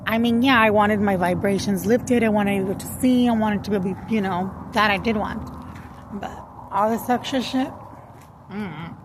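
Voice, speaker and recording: A woman's voice: medium pitch, moderate pace, noisy background. A woman venting bluntly in a casual monologue, cursing and switching into Spanish. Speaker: vlogger.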